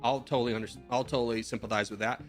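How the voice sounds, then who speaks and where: A man's voice: medium pitch, fairly even intonation, very fast, faint music behind. Man in his twenties chatting loosely. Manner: loose, rambling advice with slang and light swearing. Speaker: streamer. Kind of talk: casual chat, answering viewer messages.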